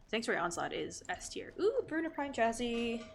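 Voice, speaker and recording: A woman's voice: a little high, sing-song, normal speed, gravelly, a little hiss or hum. Chatty woman streamer who swears casually. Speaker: streamer playing a game. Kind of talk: casual live-stream gaming chat.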